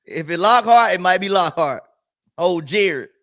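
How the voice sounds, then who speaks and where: A man chiming in with quick remarks in casual sports banter. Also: high voice, animated, a bit bright.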